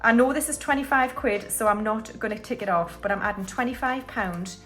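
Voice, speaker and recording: A woman's voice: mid-range voice, brisk, fairly bright tone, soft background music. A woman chats casually to her viewers as a budgeting vlogger, counting banknotes aloud as she goes. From United Kingdom. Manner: chatty, counts money aloud, talks to viewers as guys. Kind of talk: casual chat while counting cash.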